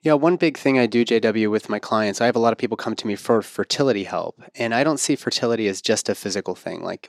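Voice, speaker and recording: A man in his thirties hosting a podcast interview, talking in a self-assured, animated way and pushing his pitch up for emphasis. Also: no room sound, studio quality. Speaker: podcast host and fertility coach. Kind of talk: casual interview chat.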